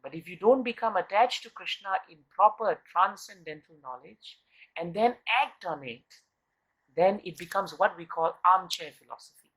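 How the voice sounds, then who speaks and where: A man leading a devotional scripture class in an earnest teaching tone. He keeps asking his listeners rhetorical questions and repeats words to drive his point home. When he tells a story, his pace slows and quickens, and his phrases often trail off. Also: high voice, a bit bright, rough recording.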